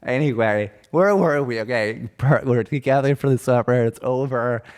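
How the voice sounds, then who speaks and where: A man's voice: mid-range voice, moderate pace, a little mellow, clear, resonant tone. A young man co-hosting a comedy podcast, chatting casually and rambling with many restarts and fillers. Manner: rambling, hesitant, full of restarts.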